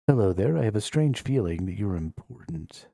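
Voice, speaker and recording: A man's voice: lowish voice, lively intonation, moderate pace, vocal fry, mellow, no echo, clean studio sound. A man voicing a pushy young woman who asks a hero to save her twin sister, reading game dialogue aloud on a live stream. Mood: dramatic. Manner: dramatic, demanding. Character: pleading young woman quest giver, pushy.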